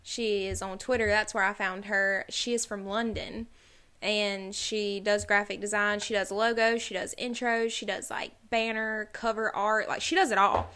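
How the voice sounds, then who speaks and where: A woman's voice: mid-range voice, little pitch movement, moderate pace, bright, forceful tone, clean tone. A young woman, co-hosting a casual podcast and telling rambling stories full of "like". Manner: rambling storyteller, heavy use of "like". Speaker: podcast co-host.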